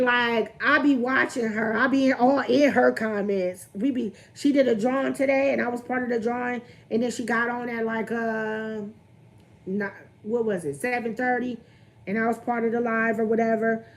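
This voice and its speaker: A young woman, venting candidly on her livestream and greeting viewers as she talks. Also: fairly high pitch. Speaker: vlogger on a livestream.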